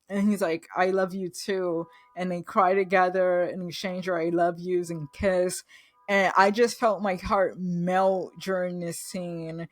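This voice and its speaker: A woman's voice: fairly low pitch, no echo. A woman hosting a casual recap of a TV series, retelling scenes with gushing enthusiasm.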